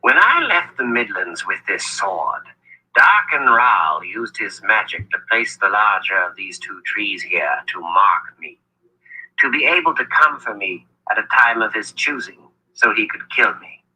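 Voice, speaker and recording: A man voicing an impish, sly old male wizard, with a husky voice, in an audiobook reading. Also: on the low side, expressive, a little slow, pushed and bright, heavily acted, low-quality recording.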